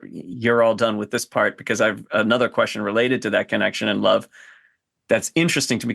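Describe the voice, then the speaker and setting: A man's voice: lowish voice, vocal fry, a bit bright, no room sound, clean studio sound. A man hosting and coaching on a podcast panel, talking in a thoughtful, exploratory way with frequent restarts. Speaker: host and coach.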